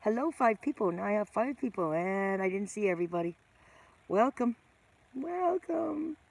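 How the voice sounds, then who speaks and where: A woman's voice: mid-range voice, a little fast. A middle-aged woman hosting a casual live stream, greeting viewers by name and teasing herself.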